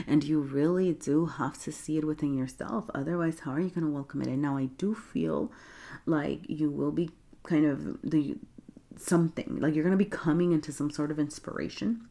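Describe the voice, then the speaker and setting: A woman's voice: deep voice, normal speed, mellow. A woman giving a chatty, encouraging tarot reading, laughing often and checking in with "okay?". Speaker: tarot reader. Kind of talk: casual tarot reading to camera.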